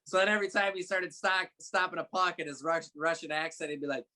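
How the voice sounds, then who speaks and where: A young man, a former college hockey player, telling stories in a relaxed podcast chat with many fillers and restarts. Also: a little high, fast talker. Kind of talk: casual interview chat.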